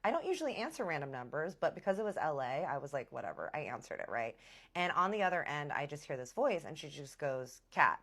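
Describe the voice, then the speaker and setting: A woman telling a personal story in a vlog, animated and dramatic, with big emotional swings. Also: low-pitched, fast talker. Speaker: vlogger.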